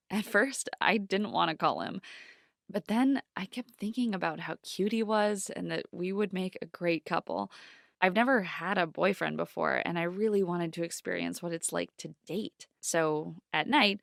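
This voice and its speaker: A woman's voice: lowish voice, animated, normal speed, creaky, no room sound, clean studio sound. Woman telling a dramatic first-person story. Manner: dramatic, yells out quoted lines. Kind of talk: scripted first-person narration.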